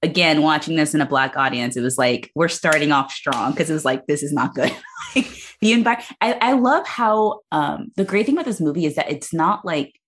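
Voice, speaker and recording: A woman hosting a casual movie podcast, recapping the plot in an animated way and laughing often. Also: low-pitched, brisk, husky. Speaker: podcast host.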